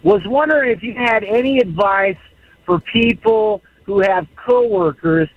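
A man's voice: high-pitched, dry recording, pitched above the performer's own voice. Man putting on a drawling Southern prank caller. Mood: mock-earnest. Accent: put-on Southern American. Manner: slow, drawling, mock-earnest complaint. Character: folksy male caller with a put-on Southern drawl. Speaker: prank caller on a voicemail line. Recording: dull voicemail playback.

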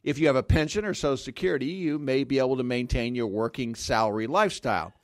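A man's voice: mid-range voice, fast, no echo, studio quality. Plainspoken male radio money expert. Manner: explanatory, plainspoken, joking. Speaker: financial planner guest. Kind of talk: radio money segment and banter. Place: radio studio. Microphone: studio mic.

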